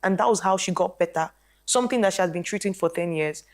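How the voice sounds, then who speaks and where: A woman's voice: on the low side, fast talker. A woman who is a health practitioner, speaking on a panel show and animatedly telling stories about clients, acting out their lines. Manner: animated storytelling, quotes people. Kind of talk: casual panel talk.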